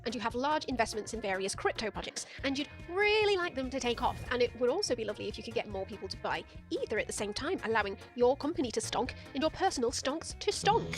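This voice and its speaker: A woman giving sarcastic, profane commentary as the host of a video essay. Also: on the high side. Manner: sardonic, profane, mocking.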